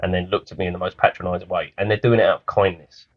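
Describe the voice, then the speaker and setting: Low-voiced man telling stories. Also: level tone, very fast. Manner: storytelling, self-mocking, laughs often. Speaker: podcast co-host. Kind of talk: casual chat. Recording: dull lo-fi podcast audio.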